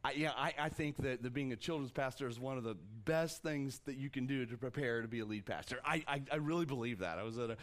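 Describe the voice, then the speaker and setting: A middle-aged man preaching a sermon as pastor, animated and loose, restarting and repeating words and acting out the quotes he reads. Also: fast, few pauses. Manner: animated, acts out quotes with jumps in pitch.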